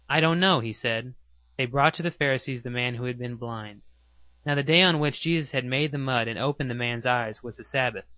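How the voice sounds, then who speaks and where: A man reads scripture aloud at a steady, measured pace, pausing slowly between phrases. His voice sits at an ordinary middle pitch. The recording is dry and a little muffled, with no room sound around him. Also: dry recording. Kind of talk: scripted Bible reading.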